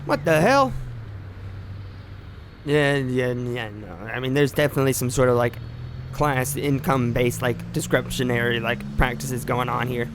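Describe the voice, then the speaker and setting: A man's voice: mid-range voice, moderate pace, background noise. A man streaming a driving game, talking in rambling, joking asides full of fillers. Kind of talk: casual gameplay commentary.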